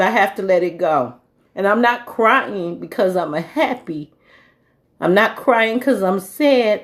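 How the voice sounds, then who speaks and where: A woman vlogger in a rambling, earnest spiritual monologue, often stopping to correct herself. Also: low voice.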